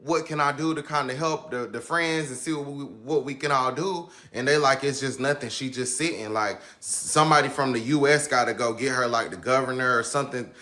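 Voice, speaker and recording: A man's voice: medium pitch, a little fast, few pauses, sharp tone. A man telling a casual story time to viewers in a chatty, slangy way. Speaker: storyteller in a clip.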